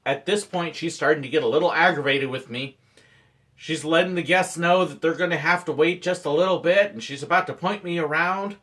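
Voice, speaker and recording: A man's voice: fairly high pitch, fairly quick. A man, a former theme park ride operator, telling playful stories in vlog-style narration. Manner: playful, animated storyteller.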